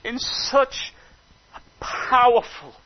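In a dull, lo-fi recording, a high-pitched man preaches a sermon at an extremely slow pace. He drops to quiet asides, then rises into forceful exhortation, keeping his delivery lively throughout.

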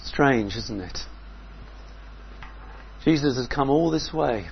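A man preaching a sermon in a measured, reflective way, often asking his listeners questions. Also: medium pitch, animated, gravelly, highs cut off, a little hiss or hum.

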